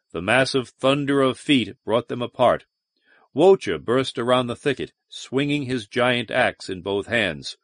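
A man narrates an adventure audiobook at a measured, deliberate pace. His pitch sits in an ordinary middle range. The recording is close and completely dry. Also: animated, fairly bright tone, no room sound. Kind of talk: scripted narration.

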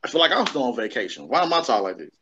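Animated laid-back man. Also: mid-range voice, racing, slight background noise. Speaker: podcast co-host. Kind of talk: casual chat. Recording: dull lo-fi sound.

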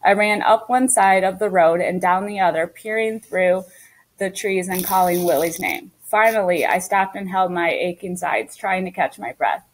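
A woman reading a children's novel aloud in first person, steady and story-paced. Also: fairly low pitch, moderate pace, low-quality recording. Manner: steady storytelling as a young girl. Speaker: audiobook narrator. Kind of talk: scripted first-person audiobook narration.

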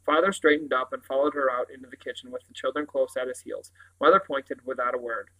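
A man reading a children's novel aloud in a steady, plain narrating voice. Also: medium pitch, fast talker, rough recording. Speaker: reader.

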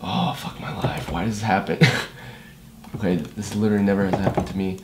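A man making a beat against the clock in a comedic vlog, talking himself through it with loud, profane chatter and mock-dad jokes. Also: deep voice, brisk. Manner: hyper, profane self-talk while working; jokey mock-dad banter. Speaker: music producer. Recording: echoey room with steady noise.

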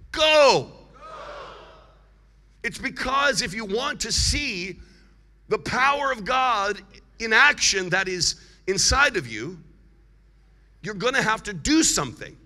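A man preaching a sermon as guest evangelist, leading the congregation in call-and-response and building to loud, emphatic shouts. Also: high-pitched, lively intonation, unhurried, pauses often. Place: large church hall. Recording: long hall reverb from a large church.

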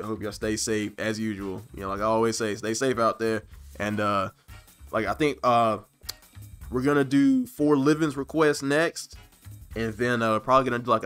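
A man, hosting a gaming video and rambling through a relaxed, laughing sign-off with lots of fillers; his throat is sore from laughing. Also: medium pitch. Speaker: gaming channel host. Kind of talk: casual gameplay commentary.

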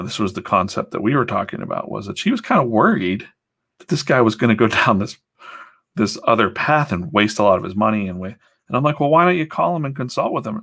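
A man's voice: on the low side, fairly bright tone. A man chatting casually while he works, telling loose stories with swearing and acted-out quotes. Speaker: comic artist streaming his drawing session. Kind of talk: casual rambling chat.

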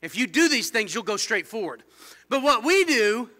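Male pastor, high and very bright voice, fervent sermon delivery with big swings in intensity. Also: sing-song, moderate pace. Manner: fervent preaching, swings from low intensity to shouting. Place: church.

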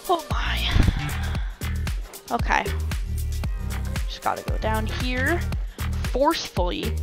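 A woman's voice: on the high side, huge pitch swings, slow pace, vocal fry, pauses often, over music, poor audio. A woman giving casual gameplay commentary, self-mocking, with frequent exclamations and sighs of relief.

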